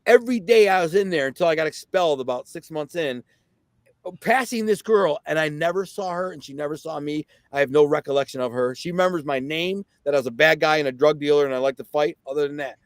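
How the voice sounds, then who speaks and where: A man's voice: a little high, fairly quick, no room sound. A man telling his life story as a podcast guest, casually and animatedly, with lots of fillers and restarted sentences. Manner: animated, reenacts others' words.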